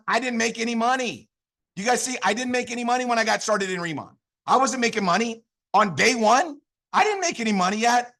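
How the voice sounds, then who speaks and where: A man's voice: high voice, pushed and bright. A man delivering an emphatic, fired-up motivational talk at a sales training. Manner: fired up, emphatic, repetitive exhortations. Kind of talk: high-energy motivational talk.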